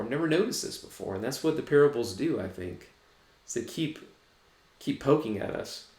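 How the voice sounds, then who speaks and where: Man preaching a sermon, thoughtful and chatty, gravelly voice, roomy echo. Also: mid-range voice. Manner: reflective, conversational preaching with restarts. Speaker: pastor. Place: church. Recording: echoey room.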